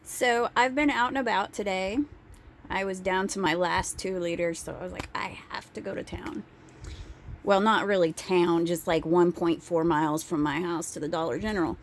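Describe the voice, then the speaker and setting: A young woman telling a casual vlog story, animated and profane, with laughing asides. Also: on the low side, normal speed, a little hiss or hum. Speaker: vlogger.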